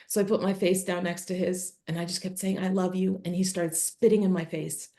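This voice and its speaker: A middle-aged woman with a somewhat low voice tells a personal story on a podcast. She speaks earnestly and with feeling, and acts out the lines she and others said. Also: fairly even intonation, fairly quick, mellow. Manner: earnest, emotional, quotes herself and her son vividly. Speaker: podcast guest, author and speaker. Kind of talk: candid interview storytelling.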